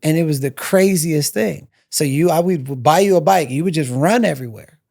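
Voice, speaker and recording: A man speaks as a podcast guest, telling his own story with animated repetition of key phrases. His voice has a gravelly, fry-edged texture. The sound is dry and close, with no room echo. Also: fairly high pitch, normal speed. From United States. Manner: animated, repeats phrases for emphasis. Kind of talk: personal storytelling in a conversation.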